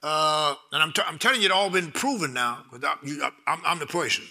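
A middle-aged man preaching a sermon, excitable, repeating words and building to loud bursts with laughter. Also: on the high side, fast talker.

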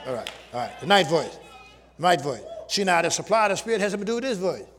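A man preaching a sermon to his congregation, using call-and-response and shouting at the peaks. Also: high-pitched, very animated, quick pace. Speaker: pastor. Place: church sanctuary with congregation.

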